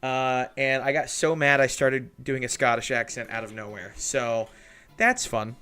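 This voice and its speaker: Chatty stream host, mid-pitch man, laughs a lot, faint music under. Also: steady tone, measured pace, bright, forceful tone, clear, resonant tone. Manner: chatty, laughs often, talks to chat viewers by name. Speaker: livestream host building miniatures. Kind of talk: casual livestream chat. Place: home hobby desk.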